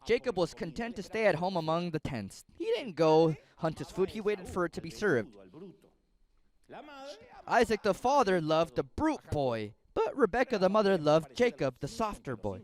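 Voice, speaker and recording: A male pastor preaching a sermon as an animated storyteller who jokes with the congregation. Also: high voice, normal speed.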